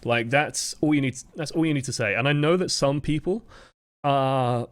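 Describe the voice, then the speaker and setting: A young man talks fast through a live-streamed gameplay review, coaching in a projected, expressive voice that sits at an ordinary pitch. He swears casually as he breaks down plays. The sound is close and dry, with little room around it. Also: dry recording. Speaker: game coach reviewing footage.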